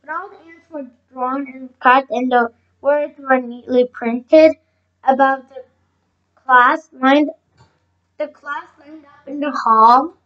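A woman's voice: high voice, fairly even intonation, slow, muffled recording. A woman reading a children's chapter book aloud, often slipping on words and correcting herself. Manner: frequent slips and self-corrections. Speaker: storybook reader.

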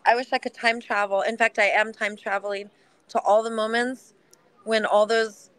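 A woman talking gently and protectively in a supportive heart-to-heart chat, often filling with "like" and "you know". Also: fairly high pitch, level tone, moderate pace, smooth, no room sound, low-quality recording. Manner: gentle, nurturing, many filler likes.

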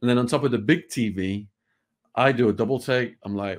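A man's voice: medium pitch, a little fast. A British man, a guest on an interview show, telling a true story in a vivid, blunt way with the odd swear word.

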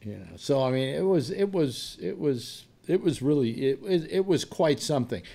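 Hosting a relaxed panel discussion, a man in his seventies rambles through anecdotes from years gone by, like the radio show host he is. His voice is slightly high, gravelly yet mellow, with lively intonation at a normal speed.

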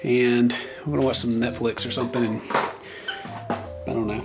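A man's voice: medium pitch, level tone, moderate pace, loud music behind the voice. A young man vlogging at home, chatting in playful baby talk to his dogs. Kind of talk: casual home vlog. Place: home indoors.

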